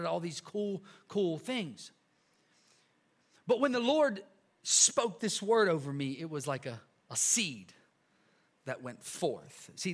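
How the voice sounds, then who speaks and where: A male pastor preaching a casual, energetic sermon to a church congregation, full of slang, repeats and asides. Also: a little high. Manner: lively, chatty preaching with slang and repetitions. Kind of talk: sermon with a live illustration.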